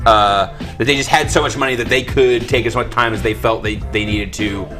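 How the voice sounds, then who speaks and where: A man hosting casual banter about video games, with dry, deadpan jokes. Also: on the low side, a little fast. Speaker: video game show host. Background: game music.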